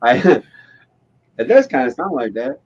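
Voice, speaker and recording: A man's voice: mid-range voice, very animated, takes it slowly, darkish tone, husky. Laid-back American man on a dull mic. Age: adult, has a daughter. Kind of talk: casual voice chat.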